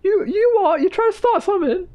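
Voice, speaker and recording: A man mimicking a squeaky, brash young pop star. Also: lively intonation, fairly quick, mellow. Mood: mock-aggressive. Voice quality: squeaky high-pitched voice. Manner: mocking, mimicking street slang.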